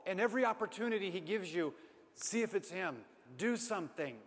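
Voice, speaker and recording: A male preacher telling a story in dramatic sermon style, moving from loud exclamations to hushed asides. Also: high voice, expressive, a little fast. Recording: long hall reverb.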